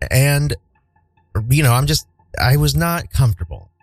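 A man's voice: mid-range voice, big pitch swings, a little slow, no echo, low-quality recording. A man from the American Midwest telling a story to his viewers, dry and sarcastic with frequent profanity. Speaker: vlogger. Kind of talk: casual storytelling to camera.

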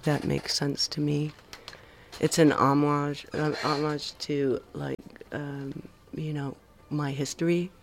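A middle-aged woman from California's San Fernando Valley, speaking with a Valley girl accent, appears as a musician guest on a casual radio interview. Her low voice is flat with slight hiss or hum, and she talks slowly and hesitantly, drifting with lots of ums and soft trailing asides.

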